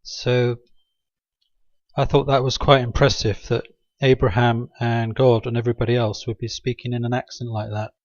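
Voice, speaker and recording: A man's voice: mid-range voice, level tone, a little fast, few pauses, dry recording, lo-fi sound. A man rambling through a satirical monologue, sarcastic and hesitant, with many ums. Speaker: video maker.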